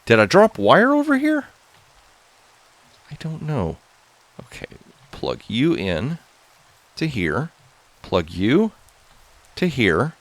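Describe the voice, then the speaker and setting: A man hosting a gaming channel, giving excitable, casual commentary to viewers as he plays. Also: medium pitch, slow pace, long pauses. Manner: excitable, talks to viewers while playing.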